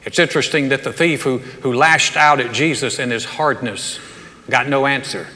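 A man preaching a sermon, telling the story in a conversational, animated way with touches of humor. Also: medium pitch, normal speed, big-room sound. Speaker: pastor.

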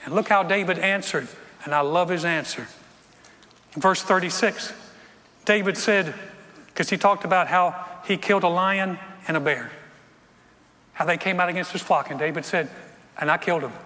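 A man preaching a sermon, his voice strained, speaking emphatically with repeated words and quiet, intense stretches. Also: high-pitched, normal speed, long pauses, in a large hall.

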